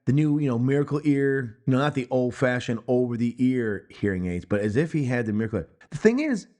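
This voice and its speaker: Male podcast co-host, lively pitch, profane and sarcastic movie-review banter. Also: a little fast. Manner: profane, animated, mocking rants. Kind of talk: casual film-review banter. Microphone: headphones and studio mic.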